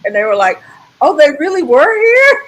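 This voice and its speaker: A woman's voice: sits high, sing-song, normal speed, noisy background. Chatty woman on a video call. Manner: chatty, mimics quoted reactions. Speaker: live stream panelist. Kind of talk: casual chat.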